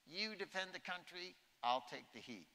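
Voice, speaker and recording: A man's voice: sits high, lively intonation, moderate pace, bright, forceful tone, pitched above the performer's own voice, full character voice. A man impersonating a brusque president who gives clipped, urgent orders. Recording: echoey hall.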